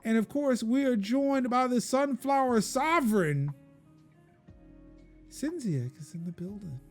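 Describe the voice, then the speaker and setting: High, lively man hosting a podcast. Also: a little slow, soft background music. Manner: jokey, self-deprecating, animated. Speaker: podcast host. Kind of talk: casual chat.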